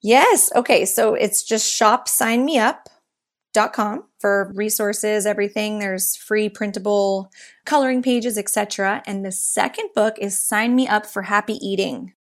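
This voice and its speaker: A woman speaking as a guest author on baby sign language, telling lively stories in a casual chat with a lot of "like". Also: mid-range voice, measured pace. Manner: lively storyteller, chatty, says "like" often.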